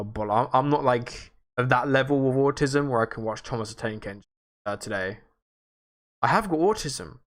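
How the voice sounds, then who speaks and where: A man's voice: medium pitch, fairly bright tone. A young man, chatting casually on a livestream and answering viewers in a rambling, self-mocking way. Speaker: livestream host.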